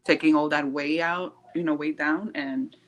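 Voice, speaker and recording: A woman co-hosting a podcast in casual chat, animated and laughing often, slipping in Spanish phrases. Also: deep voice, moderate pace. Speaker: podcast co-host.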